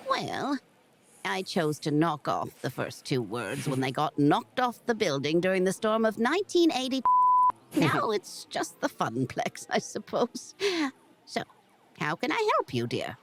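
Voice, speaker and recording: A man voicing a sweet, cheeky elderly woman who runs an arcade, in a creaky granny voice that calls everyone dear. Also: high-pitched, huge pitch swings, fairly bright tone, a little hiss or hum, pitched above the performer's own voice, full character voice. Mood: sweet, chatty. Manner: calls everyone dear, slow and sing-song. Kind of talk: voicing a visual novel character.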